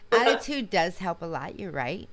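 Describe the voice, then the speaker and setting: A woman guest in a casual interview, telling her story in an animated, emphatic way with frequent restarts. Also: on the low side. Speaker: interview guest, singer and video creator.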